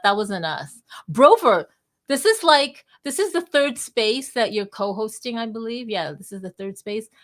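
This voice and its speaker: A woman's voice: mid-range voice, a bit bright. A woman hosting a live online audio chat in a bubbly, chatty, playful way. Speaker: host.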